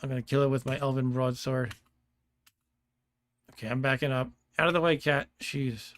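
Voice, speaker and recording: A man's voice: medium pitch, steady tone, moderate pace, no echo. Chatty man playing a game, dry sound. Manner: chatty, laughs often, thinks aloud. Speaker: gameplay streamer. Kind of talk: casual let's-play commentary.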